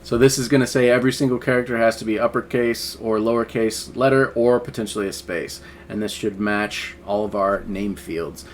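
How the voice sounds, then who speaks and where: A man's voice: on the low side, steady tone, brisk, few pauses, a little hiss or hum. A man teaching a screen-recorded coding lesson, talking casually and thinking aloud with many fillers. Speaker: instructor. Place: at a computer, keyboard typing.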